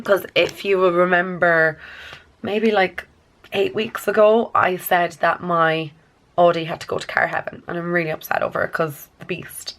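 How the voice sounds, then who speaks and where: A woman's voice: on the low side, a bit bright. A woman in her twenties, a vlogger chatting casually to camera, rambling and filling her talk with "like". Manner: chatty, rambling, says "like" a lot.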